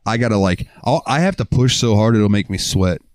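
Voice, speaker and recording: A man's voice: on the low side, lively intonation, fairly quick, darkish tone, dry recording, clean studio sound. A young man hosting a podcast, telling a story in a rambling, profane, casual way. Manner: rambling, profane, lots of fillers. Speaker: podcast host.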